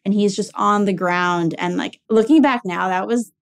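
A woman's voice: mid-range voice, moderate pace. A woman in her twenties telling a personal caregiving story candidly, with many "like" and "you know" fillers. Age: 20s. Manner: candid, filler-heavy with frequent "like".

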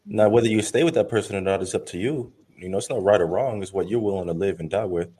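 A man's voice: on the low side, fast talker, warm tone, husky. A man co-hosting a casual talk, speaking earnestly and acting out quoted conversations. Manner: earnest, tells stories with quoted dialogue. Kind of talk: casual chat.

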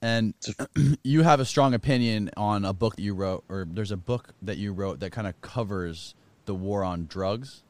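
A man's voice: lowish voice, moderate pace, few pauses, a little mellow, no room sound. A man hosting an interview, asking hesitant, searching questions. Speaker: podcast host. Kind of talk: conversational interview.

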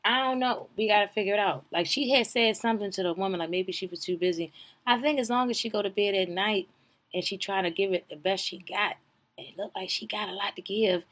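A woman hosting a podcast, giving a casual comedic recap, animated and profane, swinging from loud exclamations to hushed asides. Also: medium pitch, fairly quick. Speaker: podcast host recapping a reality show.

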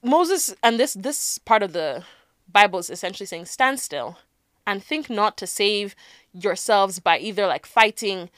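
A woman co-hosting a casual faith podcast, playful and animated, dropping into soft asides. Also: mid-range voice, measured pace, dry recording, clean studio sound. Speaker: podcast co-host.

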